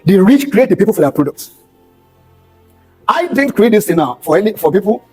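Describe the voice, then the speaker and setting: A Nigerian pastor addresses a skills bootcamp in its event hall, giving a motivational talk woven with sermon-like storytelling and repeating key lines for weight. His high-pitched, darkish voice has a breathy edge, big pitch swings and a fairly quick pace. Faint music plays, and the recording is low quality.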